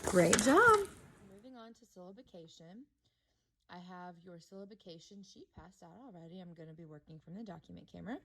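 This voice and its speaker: A woman teaching a classroom lesson, walking students through each step aloud in a clear, methodical way. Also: on the low side, animated, a little fast, fairly bright tone. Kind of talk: classroom instruction on syllabication.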